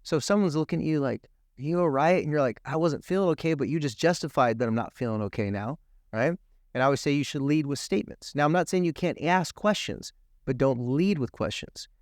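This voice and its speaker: A man's voice: mid-range voice, animated, fairly quick, dry recording, clean studio sound. A man appearing as a guest on a TV talk show, telling a personal story earnestly and emphatically, acting out the quoted dialogue. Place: TV studio.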